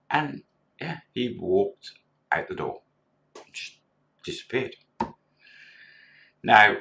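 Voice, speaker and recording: A man's voice: low voice, a bit bright. A middle-aged man, a former bar manager, casually tells a story and acts out the quoted dialogue in a chatty way.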